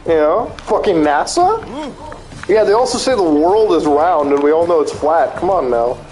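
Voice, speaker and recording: Man, high voice, streamer, casual gaming chat, swears a lot, animated rants. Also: moderate pace, faint music behind. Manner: profane, animated ranting.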